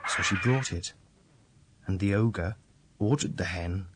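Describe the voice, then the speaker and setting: A man reading a fairy tale aloud, slow and deliberate. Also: on the low side, heavy background noise. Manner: slow, deliberate, repetitive storytelling. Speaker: storyteller.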